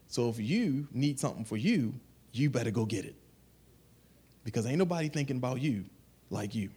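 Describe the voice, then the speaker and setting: A man preaching a sermon in an animated, conversational way, acting out little asides. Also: mid-range voice, fairly quick, slightly rough. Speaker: pastor.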